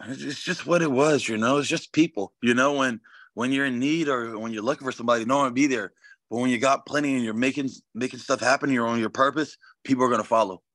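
A man's voice: medium pitch, quick pace, a bit bright, no room sound. A man guest in a casual interview, talking in a brash, swaggering, profane way. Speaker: fighter guest.

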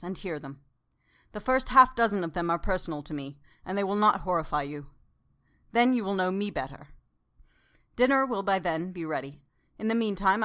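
Woman voicing a courteous male doctor, grave and measured, old-fashioned phrasing, middle pitch, storybook reading. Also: a bit bright, natural voice.

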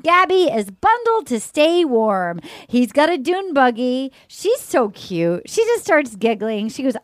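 A woman's voice: high-pitched, very animated, unhurried, few pauses, no echo, clean studio sound. A woman hosting a podcast, casually recapping a TV show with gushing exclamations. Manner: gushing, exclaiming, acts out quotes. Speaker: podcast host.

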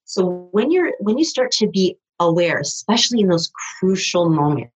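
A woman's voice: fairly low pitch, big pitch swings, moderate pace, breathy edge, rough recording. A woman speaking as a podcast guest in a rambling, conversational way, often restarting her sentences. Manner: rambling, with many restarts and fillers. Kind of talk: conversational interview.

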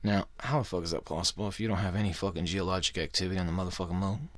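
A man's voice: sits low, steady tone, racing, no echo. Foul-mouthed man ranting on a podcast. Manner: crude, swearing constantly, mocking, jokey asides. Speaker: podcast host. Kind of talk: profane conspiracy podcast monologue.

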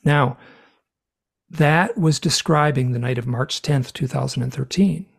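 Gravelly husky man telling a story. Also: medium pitch, unhurried. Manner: animated, acts out dialogue while retelling events. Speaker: guest author. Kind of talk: storytelling in an interview.

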